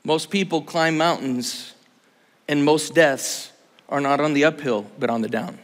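A pastor in his sixties preaches a sermon, talking casually and joking with his audience. His voice is fairly high and his pace measured, with long hall reverb on the recording.

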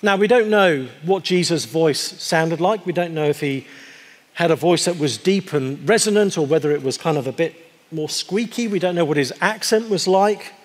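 A man preaching a sermon in a conversational, wry way, slowing down to stress key words. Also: fairly high pitch, expressive. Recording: long hall reverb.

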